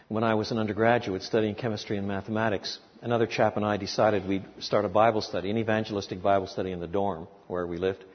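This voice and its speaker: Husky older preacher in echoey hall. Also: male voice, lowish voice, muffled recording. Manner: animated, rising to emphatic rhetorical questions, many restarts. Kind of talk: expository sermon.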